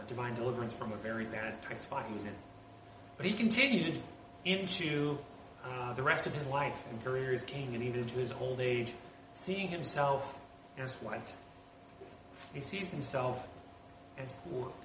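A man's voice: on the high side, fairly bright tone. A man preaching a sermon as a pastor, earnest and conversational, lifting his voice to stress key points. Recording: roomy with background noise.

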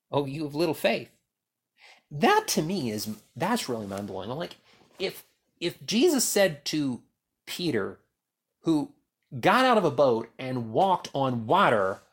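Animated preacher man with hushed drops. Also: a little high, slightly rough. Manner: animated, acts out quotes and swings from loud to hushed. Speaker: pastor. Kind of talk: sermon.

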